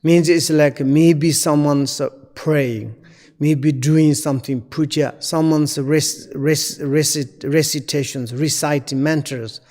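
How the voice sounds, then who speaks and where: Male dharma teacher, unhurried and halting, fairly high-pitched, heard with a lingering reverb tail. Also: steady tone, darkish tone. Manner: halting, broken non-native phrasing. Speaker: Buddhist teacher. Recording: long echoey reverb.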